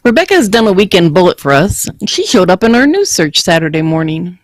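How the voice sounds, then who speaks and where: A woman co-hosting a podcast, reading news items in a steady read-aloud way. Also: fairly low pitch, brisk, dry recording. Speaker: podcast co-host.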